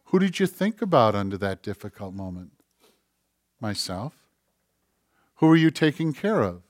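A man preaching a sermon, moving between soft, conversational asides and forceful, rising preaching. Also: mid-range voice, big pitch swings, measured pace, long pauses, no room sound, clean studio sound. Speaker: pastor.

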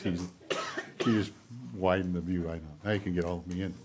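A man preaching a sermon to a congregation, retelling scenes dramatically and dropping into quiet, hushed passages. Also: deep voice, steady tone, fast talker, noisy background. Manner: dramatic retellings, drops to near whispers. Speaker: pastor. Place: church filmed on camera.

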